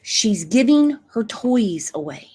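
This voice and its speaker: Woman host, true crime stream; angry, blunt, cusses; unhurried, slightly high voice. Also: very animated, warm tone, husky. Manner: angry, blunt, swears freely. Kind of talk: livestream commentary.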